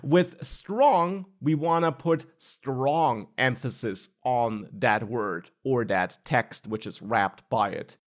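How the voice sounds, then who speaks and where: A man's voice: medium pitch, slow, hardly any pauses. A man teaching a screen-recorded web coding tutorial, explaining step by step with stressed key words. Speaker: coding instructor.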